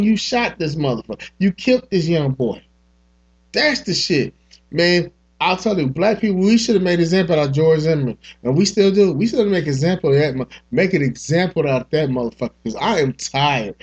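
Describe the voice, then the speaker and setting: A man's voice: a little high, a little mellow, husky. A man hosting a podcast, ranting in a heated, profane way and repeating himself in bursts. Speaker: podcast host. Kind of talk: angry solo podcast rant. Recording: dull lo-fi podcast audio.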